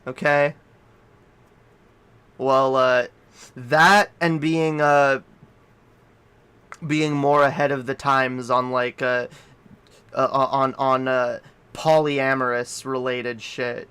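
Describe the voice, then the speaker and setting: A man's voice: medium pitch, steady tone, slow, long pauses, pushed and bright, smooth. A man from Canada ranting casually on a livestream, profane and rambling. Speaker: streamer.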